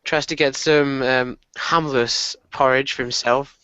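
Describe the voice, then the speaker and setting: A man playing a tabletop game, speaking in a relaxed, polite way. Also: medium pitch, a little slow, smooth, no echo, highs cut off. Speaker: player.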